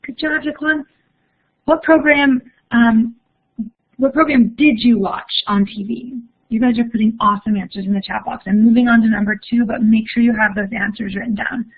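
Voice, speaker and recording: This is a young woman teaching Spanish in a live online session, reading chat responses in an upbeat, encouraging way. Her voice is slightly high and husky, with a steady tone and normal pacing, heard through narrow, phone-like sound.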